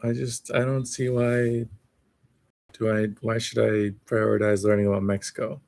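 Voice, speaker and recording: A man's voice: fairly low pitch, level tone, moderate pace, creaky, darkish tone, no echo. A man live streaming alone, rambling in a sardonic, self-mocking way as he reacts to what he reads. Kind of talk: casual solo live stream commentary.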